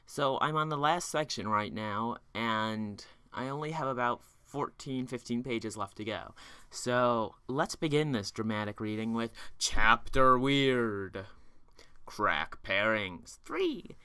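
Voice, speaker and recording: A young man hosting a fan video, giving a mock-dramatic reading of a bad fanfic in a deadpan voice and laughing at the absurd parts. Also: medium pitch, measured pace, clean tone, no echo.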